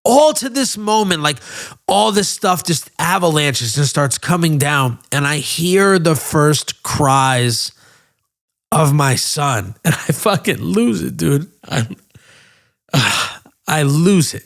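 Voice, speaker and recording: Guy in his 30s on his podcast, emotional and candid, cussing as he tells it, voice a bit on the high side. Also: lively intonation, slow pace, a bit bright. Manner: emotional, candid, swears freely. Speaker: podcast host. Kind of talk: personal storytelling.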